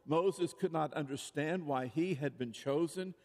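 A man preaching in an earnest, questioning style, his voice sitting somewhat high. Each phrase rings on in a long reverb, like a large hall. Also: measured pace, a little mellow. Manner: earnest, rhetorical, repeated questions. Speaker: pastor. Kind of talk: sermon.

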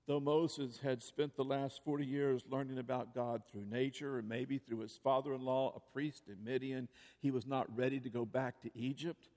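A man's voice: mid-range voice, fairly even intonation, normal speed, few pauses, darkish tone, long reverb tail. A male pastor preaching a sermon in an earnest, rhetorical way, full of repeated questions.

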